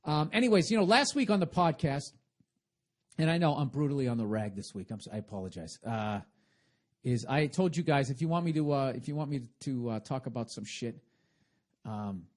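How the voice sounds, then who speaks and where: A middle-aged man hosting a comedic podcast monologue, ranting profanely and swinging between loud and quiet. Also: medium pitch, animated, brisk. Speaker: podcast host.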